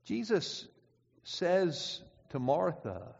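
A man preaching a sermon in a church, relaxed and conversational, stumbling over repeated words as he reads scripture aloud. His voice sits a little high for a man. The recording is dull and muffled, with a long reverb trailing off the hall walls. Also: unhurried, creaky, slightly rough.

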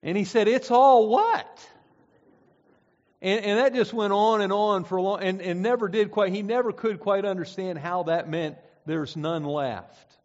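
A man from central Pennsylvania preaches in a folksy, storytelling way, restarting his sentences and filling pauses with "uh". His voice sits a little high for a man. The sound is muffled and trails off in a long hall reverb. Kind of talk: sermon.

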